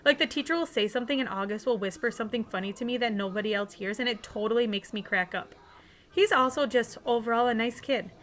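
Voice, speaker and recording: A woman's voice: fairly high pitch, fast, a bit bright. A woman teacher reading a novel aloud in a casual, conversational way, sometimes restarting a line.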